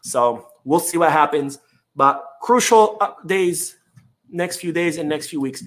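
A man's voice: a little high, expressive, a little slow, fairly bright tone. A man hosting a casual live-stream podcast, reading chat comments in a loose, chatty way with many fillers.

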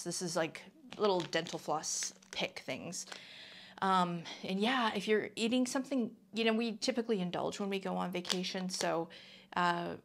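A middle-aged woman from Canada chatting casually through a product review, full of ums and friendly asides. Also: lowish voice. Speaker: vlogger.

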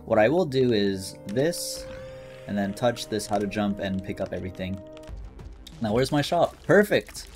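A man giving casual, excitable commentary while playing a video game, thinking aloud and reading item descriptions. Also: lowish voice, moderate pace. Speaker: gaming YouTuber. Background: game music.

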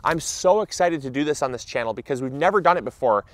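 A man hosting a gardening vlog, talking outdoors in an upbeat, chatty way and often pausing on fillers. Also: medium pitch, lively intonation, no echo. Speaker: gardening channel host. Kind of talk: casual instructional vlog.

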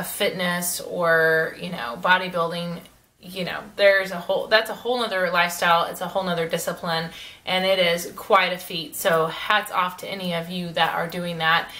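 A woman's voice: on the low side, sharp tone. A woman vlogger chatting casually to her viewers, rambling and giggling as she goes. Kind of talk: casual chat to camera.

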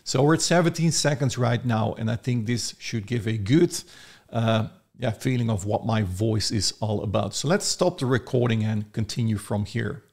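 A man casually demonstrating software, chatty and thinking aloud. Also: lowish voice, normal speed, gravelly. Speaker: software reviewer. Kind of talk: casual screen-recorded tutorial.

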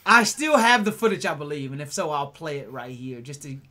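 A man hosting a podcast, telling a story in a casual, animated way and tagging "right?" onto his lines. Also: a little high, a little fast. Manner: animated, acts out quotes, keeps adding "right?". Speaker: podcast host.

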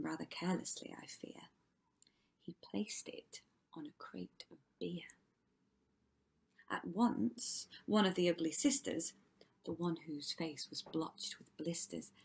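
Slow, husky teacher reading a story. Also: female voice, fairly low pitch. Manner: dramatic, dropping often to a whisper. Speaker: primary school teacher. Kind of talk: reading a rhyming story aloud to children.

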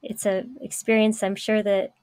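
A woman interviewer sums up her guest's story in a level, even tone, hardly rising or falling. She sounds close and dry, with no room around her. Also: moderate pace, no room sound. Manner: reflective, affirming, few pitch swings. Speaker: interview host. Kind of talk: casual interview.

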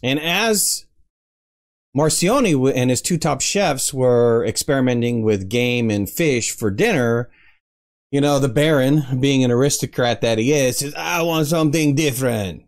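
A man's voice: medium pitch, measured pace. A man hosting a casual cooking tutorial, chatty and joking, with self-mocking asides. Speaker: cooking show host.

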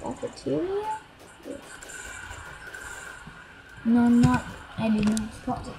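A woman giving casual gameplay commentary, excitable and quick to protest out loud. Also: a little high, noisy background. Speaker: gamer.

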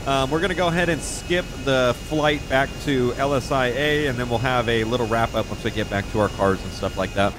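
A man's voice: medium pitch, a little fast, few pauses, noisy background. A man streaming police role-play, chatting casually, swearing often and laughing easily. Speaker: streamer playing a police officer.

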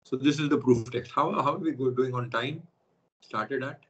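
A man's voice: medium pitch, normal speed, fairly bright tone, breathy edge, lo-fi sound. A man teaching a scripture class over a video call, explaining step by step and checking in with his students.

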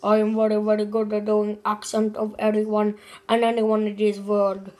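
A young woman putting on a foreign-sounding voice as a stern stranger, speaking slowly and threateningly. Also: medium pitch, monotone, dark tone, pitched below the performer's own voice, lightly acted. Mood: menacing.

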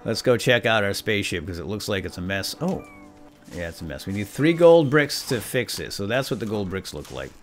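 A man giving excitable, jokey commentary while playing a video game. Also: fairly low pitch, a little fast, faint music behind. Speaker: let's play gamer. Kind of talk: casual gameplay commentary.

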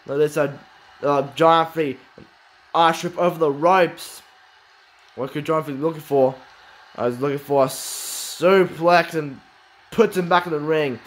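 A man with a light lilt giving excited play-by-play commentary on a wrestling video game, exclaiming and swearing often. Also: on the high side, moderate pace, pauses often.

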